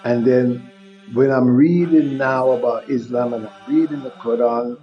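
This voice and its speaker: An older man telling his personal story in an interview, earnest and animated, acting out his own thoughts. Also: medium pitch, measured pace, highs cut off, faint music behind. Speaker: interview guest, convert.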